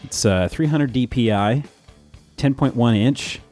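A man's voice: mid-range voice, a little slow, a little mellow, soft background music. A man hosting a casual tech podcast, chatty and laughing often, with plenty of fillers. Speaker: podcast host.

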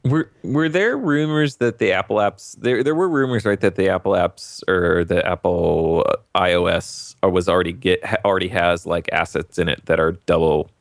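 A man's voice: sits low, moderate pace, few pauses, no room sound, clean studio sound. A man co-hosting a casual tech podcast, wry and questioning, laughing easily. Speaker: podcast co-host.

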